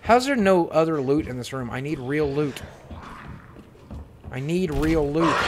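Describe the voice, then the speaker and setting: A man giving live gameplay commentary as a streamer, excitable and swearing, panicking and talking to his chat. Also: on the high side, unhurried, long pauses, background noise. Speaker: gaming streamer.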